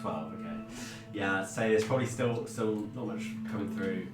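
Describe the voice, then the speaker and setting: A man's voice: sits low, moderate pace. A man running a tabletop game as game master, narrating with many ums and restarts. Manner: hesitant, filler-heavy narration. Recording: echoey room, distant mic, music behind.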